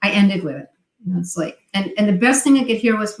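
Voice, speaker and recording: A woman's voice: mid-range voice, animated, brisk. A middle-aged woman, a guest on an interview show, telling her story and acting out remembered dialogue in quoted voices. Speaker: guest, online seller. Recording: echoey room sound.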